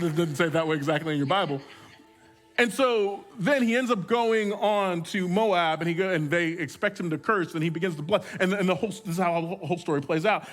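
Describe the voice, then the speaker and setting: A pastor preaches a sermon in a slightly bright voice that sits high. He tells stories casually and jokingly, restarting his sentences often.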